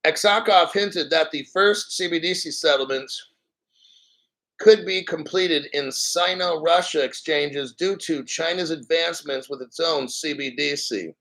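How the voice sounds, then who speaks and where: A man's voice: fairly high pitch, measured pace, fairly bright tone, poor audio. A man hosting a crypto video, reading out a news article and reacting in a hyped, boastful way. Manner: hyped, boastful, laughing often. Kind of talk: excited commentary reading an article.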